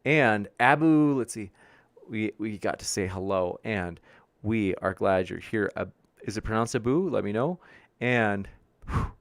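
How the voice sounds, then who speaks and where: A man's voice: on the low side, lively intonation, a little slow, no echo. Upbeat man reading a live chat. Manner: friendly, upbeat, thanks viewers by name; stumbles over viewer names. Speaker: debate show host reading live chat. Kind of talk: casual livestream chat.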